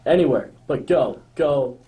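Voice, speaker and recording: A man's voice: mid-range voice, animated, measured pace, mellow, distant mic, lightly acted, low-quality recording. A man playing an anxious royal huntsman, torn between duty and guilt, in a radio drama. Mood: urgent, pleading. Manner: anxious and pleading.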